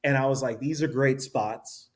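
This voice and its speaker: A man, a podcast guest, tells his story in an easy, conversational way. He acts out the lines people said with lively, animated energy. His voice sits at a middle pitch. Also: normal speed. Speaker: interview guest. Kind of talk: casual storytelling.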